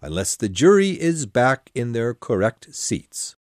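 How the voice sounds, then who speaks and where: A woman reading an audiobook voices a pompous, fussy old king presiding over a trial in a deep, gruff, commanding tone. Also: very animated, unhurried, darkish tone, no room sound, studio quality, full character voice. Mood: grave.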